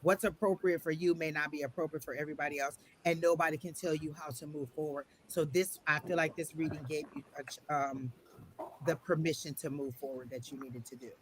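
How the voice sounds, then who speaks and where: A man giving a live online psychic tarot reading, gentle and reassuring, who often repeats phrases. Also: a little high, steady tone, brisk, a little hiss or hum.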